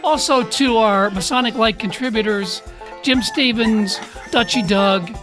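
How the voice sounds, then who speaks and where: A man's voice: sits high, measured pace, music in the background. A man hosting a podcast in a small studio, making playful announcements and thanking his team. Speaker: podcast host. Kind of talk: casual chat.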